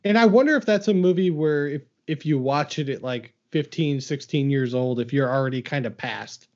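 An upbeat man hosting a podcast, talking casually with lots of filler words and laughter. His voice sits a little high. The recording sounds somewhat muffled and lo-fi. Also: moderate pace, a little mellow. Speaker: podcast host. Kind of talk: casual chat. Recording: dull lo-fi sound.

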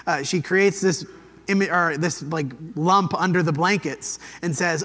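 A man's slightly high voice fills a large hall as he delivers a Bible lesson at a measured pace. His style is easy and conversational, narrating the story and giving the quoted lines a quick bit of acting.

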